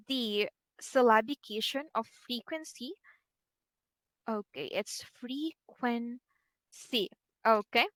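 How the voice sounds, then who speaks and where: A woman teaching a one-on-one online English lesson, patient and encouraging, pausing to type corrections as she talks. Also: high-pitched, a bit bright, dry recording.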